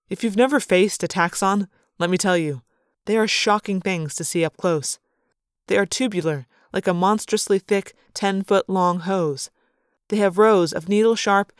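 A woman's voice: medium pitch, clear, resonant tone, no room sound, studio quality. A woman reading a sci-fi novel aloud in first person, narrating with dramatic, vivid storytelling. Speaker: audiobook narrator.

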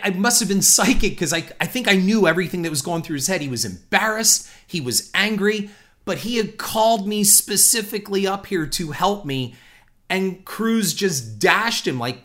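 A man telling a personal anecdote in an animated, conversational way, speaking to his listeners as folks. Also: high-pitched. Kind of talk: storytelling anecdote.

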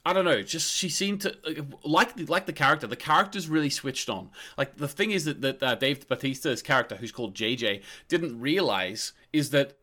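A man co-hosting a casual film podcast, retelling movie scenes in a rambling, animated way with lots of restarts. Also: mid-range voice, fairly quick, hardly any pauses. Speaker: podcast co-host.

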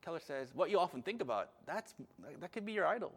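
A man preaching a sermon with passion, at times loud, at times calm. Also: on the high side, fast, slightly rough. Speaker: pastor.

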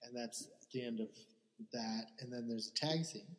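A man's voice: medium pitch, normal speed, in a large hall. A man co-hosting a podcast, retelling a sitcom episode in casual chat and acting out the characters' lines. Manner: rambling retelling with acted-out quotes. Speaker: podcast co-host.

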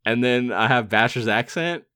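A man's voice: mid-range voice, normal speed, bright, forceful tone, clean tone, no echo, studio quality. A young man co-hosting a casual movie podcast, laughing often and talking loosely with plenty of swearing. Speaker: podcast co-host.

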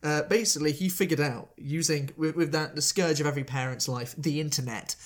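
Co-host, storyteller, rambling delivery with restarts, ordinary pitch, laughs easily. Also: fairly even intonation, a little fast. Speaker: podcast co-host. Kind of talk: casual chat, telling a story.

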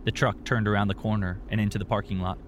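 A man narrating a story in a steady, plain storytelling manner. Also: lowish voice, fast, slight background noise.

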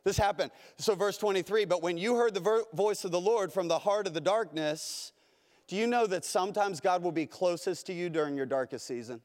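A male pastor preaches with a high voice, earnest and emphatic, circling back over his own phrases. The sound carries the long reverb of a large church hall. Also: a little fast, darkish tone. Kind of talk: sermon. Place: church sanctuary.

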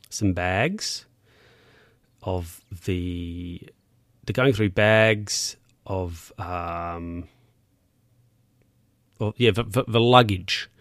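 A man's voice: fairly low pitch, fairly bright tone, clean tone, dry recording, studio quality. A man casually recapping a film scene by scene, rambling and correcting himself with plenty of fillers.

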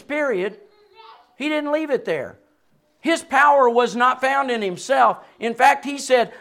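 A man in his sixties preaching a sermon, swinging between loud peaks and quiet drops and chuckling between points. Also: very high voice, a little slow. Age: 60s. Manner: animated preaching with sudden rises and drops. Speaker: pastor.

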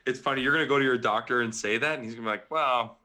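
A man's voice: mid-range voice, racing, bright, forceful tone. A man co-hosting a podcast, chatting casually with hesitant questions and short agreeing remarks. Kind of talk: casual chat.

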